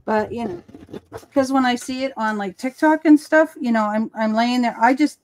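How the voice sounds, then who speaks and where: Woman, higher voice, casual chat, animated storyteller, acts out quotes, live stream. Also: normal speed, no echo. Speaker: co-host of a live crafting stream. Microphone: live stream call.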